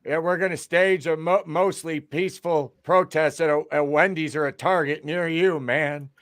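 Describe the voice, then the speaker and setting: A man's voice: fairly high pitch, fairly even intonation, normal speed, fairly bright tone. A man joining a casual podcast as a guest, joking around with frequent stammered restarts.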